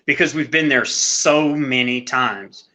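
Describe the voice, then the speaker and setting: Man, earnest, halting, bright tense voice, casual sports chat. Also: medium pitch. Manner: earnest, halting, with many restarts. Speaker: podcast co-host.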